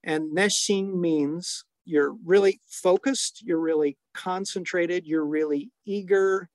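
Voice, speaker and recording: Brief: middle-aged male storyteller, slightly high voice, close and dry, unhurried with chuckles. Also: steady tone, a little mellow, no echo. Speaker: storytelling guest, father. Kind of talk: relaxed anecdotal storytelling.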